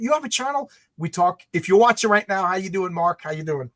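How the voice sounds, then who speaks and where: Animated high-voiced ranting man. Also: fairly quick. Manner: animated, ranting, acts out quotes. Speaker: comic creator and channel host. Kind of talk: heated livestream conversation.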